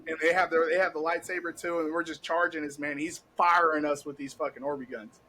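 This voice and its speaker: Young man, casual podcast storytelling, animated, laughing, bright tone, slight noise behind. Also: on the high side, a little fast, rough recording. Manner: animated, laughing, heavy cursing, acts out quotes. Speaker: podcast host.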